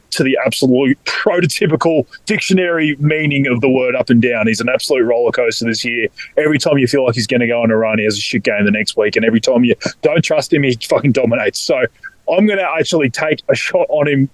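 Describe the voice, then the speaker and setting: A man's voice: mid-range voice, no echo, low-quality recording. Australian male co-host, emphatic casual sports talker, dry recording. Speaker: podcast co-host.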